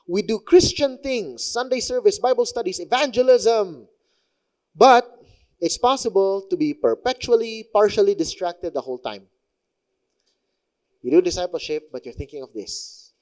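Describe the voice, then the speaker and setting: Young Filipino-accented male pastor, conversational sermon, high and very expressive. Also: normal speed. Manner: animated, conversational, mixes in local phrases.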